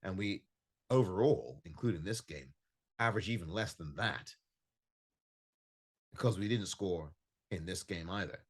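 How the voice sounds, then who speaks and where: Emphatic podcast host, low lively voice. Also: male voice, unhurried, long pauses, husky. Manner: frustrated, emphatic, repeats himself for stress. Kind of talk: solo podcast match review. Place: home recording in California.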